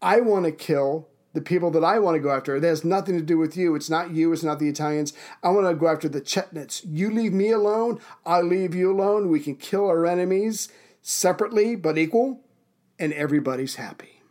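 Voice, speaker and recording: Man doing a guerrilla chief, bargaining, blunt, casual, high-ish voice, plainspoken. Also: fairly quick, a little mellow, close to an everyday voice. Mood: persuasive. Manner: casual, matter-of-fact pitch.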